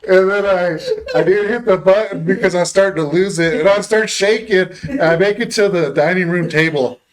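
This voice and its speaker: A man's voice: high-pitched, normal speed. A young man casually telling profane stories on a podcast, acting out his own lines as he goes. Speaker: podcast co-host. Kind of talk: casual storytelling chat.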